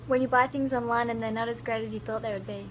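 A young Australian woman doing playful, exaggerated comedy sketches, often shouting and squealing. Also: fairly high pitch, fairly even intonation, fast. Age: young adult. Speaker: comedy video creator. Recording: noisy background.

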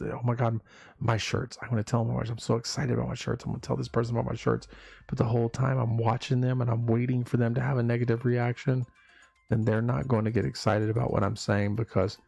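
A man's voice: mid-range voice, creaky, darkish tone, dry recording. A man hosting a casual live stream, talking in an emphatic, fired-up rant.

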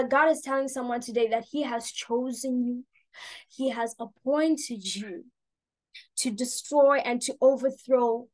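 A woman's voice: a little high, rough recording. Earnest woman giving a bible devotional. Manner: earnest, exhorting, reads scripture aloud; casual asides with fillers. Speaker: preacher.

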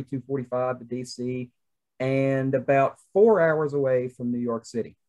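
A man's voice: mid-range voice, a little mellow. Young man, Southern accent, casual podcast chat, rambling. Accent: Southern American. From American South. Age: young adult. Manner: chatty, rambling with many fillers. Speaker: podcast co-host.

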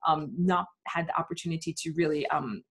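A woman teaching a live webinar, talking in an emphatic, impassioned rant with many pauses and fillers. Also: deep voice, breathy edge.

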